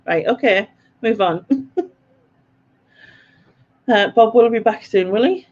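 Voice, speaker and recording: Woman, unhurried quiz host, dull lo-fi stream sound, chatty and giggly. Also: fairly high pitch, animated, a little mellow. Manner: chatty and self-mocking, laughs often. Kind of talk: live-stream quiz chat, reading out viewer comments.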